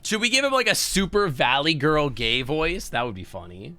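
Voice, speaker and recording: A man's voice: fairly high pitch, big pitch swings, moderate pace, bright, forceful tone, no room sound. A man streaming a video game, chatting casually and swearing now and then. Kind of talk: casual gameplay chat.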